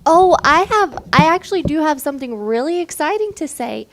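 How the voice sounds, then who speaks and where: A woman co-hosts a morning radio show. She speaks shyly and softly, in a fairly high voice. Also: lively intonation, fairly quick, slight background noise. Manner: shy, soft-spoken. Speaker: co-host. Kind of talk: casual radio chat.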